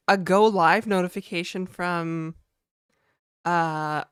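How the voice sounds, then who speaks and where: A man's voice: fairly high pitch, a little slow, a bit bright, clean tone, no room sound, studio quality. A young man livestreaming casually, slightly nasal from a cold, chatting and rambling as he greets viewers by name. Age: young adult. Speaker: livestreamer and game developer.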